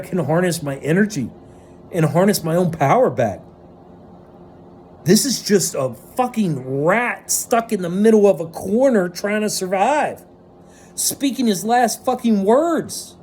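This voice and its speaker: With a high-pitched voice and a little hiss or hum in the recording, a vlogger delivers an unscripted, profanity-heavy monologue. He moves back and forth between shouting and quiet passages.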